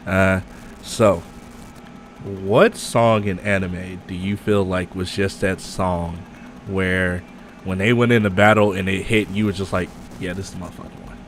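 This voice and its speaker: Low-voiced streamer chatting animatedly. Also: male voice, measured pace, a little hiss or hum. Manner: animated storytelling with acted quotes and laughs. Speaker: streamer host. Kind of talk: casual chat.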